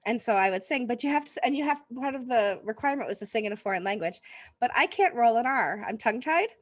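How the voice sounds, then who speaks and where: A woman's voice: a little high, animated, fast talker, dry recording. Chatty woman host, dry sound. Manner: chatty, laughs often. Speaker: podcast host. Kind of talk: casual interview chat.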